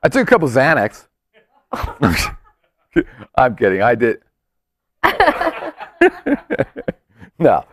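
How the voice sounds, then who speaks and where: A man's voice: mid-range voice, wildly swooping pitch, very slow, pauses often, a bit bright, slight background noise. A man hosting a casual chat show, joking around and rambling with self-mocking asides. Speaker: host.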